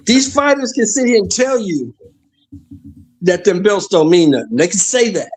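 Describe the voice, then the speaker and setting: A man's voice: sits high, expressive, moderate pace, a little mellow. An older man, a retired construction worker, talking as a plainspoken, easygoing guest on a boxing show. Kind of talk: casual boxing talk show.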